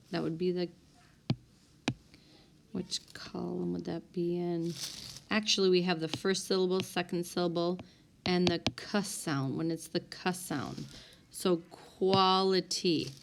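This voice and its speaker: A woman teacher giving a recorded spelling lesson, sounding out words one by one with deliberate dictation. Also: fairly low pitch, vocal fry, background noise. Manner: slow, deliberate word-by-word dictation. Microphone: tablet microphone.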